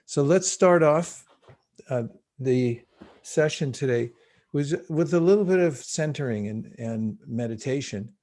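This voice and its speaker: A man leading a guided meditation session over a video call, speaking in a calm, unhurried and gently instructive way. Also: mid-range voice. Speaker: meditation teacher.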